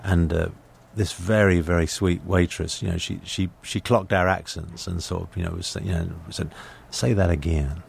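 English actor, lowish register, rambling anecdotal chat with stammered restarts. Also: male voice, level tone, moderate pace, gravelly, few pauses, slight background noise. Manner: chatty storyteller with frequent restarts and stammered repeats. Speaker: actor, guest. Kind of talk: casual conversation, anecdotes.

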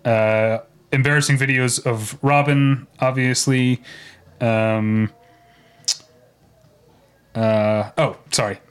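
A man's voice: mid-range voice, steady tone, takes it slowly, pauses often, clean tone. A man co-hosting a podcast, chatting casually with lots of fillers and laughs. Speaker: podcast co-host.

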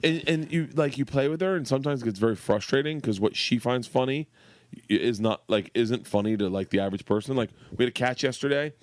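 A man in his forties telling funny stories about his daughter in casual podcast chat, animated and profane, laughing as he goes. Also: mid-range voice, fast talker, no room sound, clean studio sound. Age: 40s. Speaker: comedian guest.

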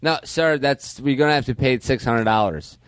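Man, middle-pitched, rambling comic storyteller, dry close mic. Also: moderate pace, clear, resonant tone, no echo. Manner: rambling storyteller, many restarts, acts out exchanges. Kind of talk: casual comedic chat.

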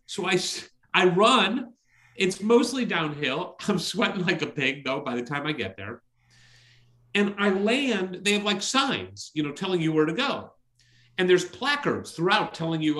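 A man guesting on a podcast, spinning a casual anecdote. His voice sits a little high and swings widely as he plays out his own reactions. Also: normal speed. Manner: animated, jumps pitch when quoting himself. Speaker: associate head coach, podcast guest. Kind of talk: casual storytelling.

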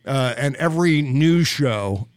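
A man's voice: mid-range voice, animated, clear, resonant tone, no room sound. A man hosting a podcast, riffing sarcastically on political clips. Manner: sarcastic, mocking, quick asides. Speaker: podcast host. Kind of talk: casual political commentary.

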